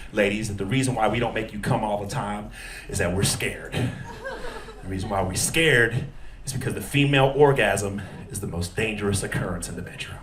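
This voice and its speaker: A man's voice: on the low side, a bit bright, recorded from a distance. A man doing a stand-up comedy set on a club stage, working the crowd and acting out characters. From Texas. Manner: crowd work, acts out characters in put-on voices. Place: comedy club stage before a live audience. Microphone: handheld stage mic. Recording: roomy club sound with crowd laughter. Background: audience laughter.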